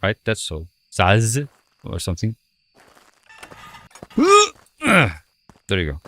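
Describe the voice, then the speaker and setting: Man with a wildly swinging pitch. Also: very animated, takes it slowly, pushed and bright, a little hiss or hum. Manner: playful, self-mocking, muttering to himself. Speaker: streamer playing a ghost-hunting game. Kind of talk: casual gameplay commentary. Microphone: headset.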